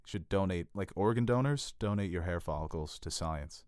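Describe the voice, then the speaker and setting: A man's voice: low-pitched, brisk, a little mellow, no echo, studio quality. A young man co-hosting a podcast, chatting casually with wisecracking, opinionated remarks. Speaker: podcast co-host. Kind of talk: casual chat.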